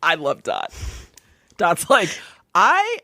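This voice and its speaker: A woman's voice: mid-range voice, moderate pace, no echo. Young woman guest, gasps n groans a lot, voice jumps all over, dry close sound. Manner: expressive reactions, gasps and groans. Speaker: podcast guest. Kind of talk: casual chat.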